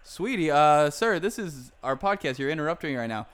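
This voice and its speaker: A man's voice: on the high side, animated, moderate pace, fairly bright tone, clear, resonant tone. A young man hosting a casual podcast, rambling and joking with lots of restarts. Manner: rambling, full of restarts, jokey. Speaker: podcast host.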